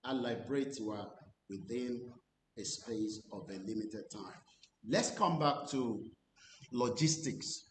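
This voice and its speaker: A Nigerian man in mid pitch comments earnestly and deliberately, slowing down to stress key phrases. The room is echoey, with a faint rumble of noise underneath. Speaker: activist commentator. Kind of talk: spoken commentary mixing English and Yoruba. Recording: roomy recording with faint rumble.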